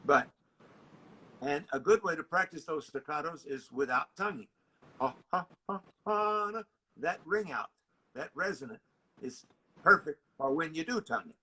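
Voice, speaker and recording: Older man, horn teacher, high voice, bright, scat-sings rhythms, video call. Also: animated, moderate pace, husky. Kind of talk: masterclass coaching.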